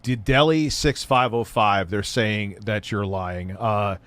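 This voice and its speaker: A man co-hosting a heated online interview who speaks in a halting, hedging, uneasy way. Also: on the low side, a bit bright, no echo.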